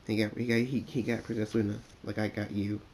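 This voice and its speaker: A man voicing a polite, sly male demon pony servant who speaks calmly and stumbles over words. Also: fairly low pitch, a little fast, slight background noise, natural voice. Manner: courteous, calm, stammering.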